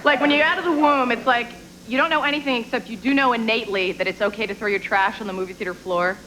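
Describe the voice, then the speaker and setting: A woman in her twenties doing a stand-up set on a TV studio stage, with quick, self-deprecating and sarcastic delivery. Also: a little high, steady tone, poor audio. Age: 20s. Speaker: stand-up comedian. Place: TV studio stage with live audience. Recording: broadcast with audience crowd noise.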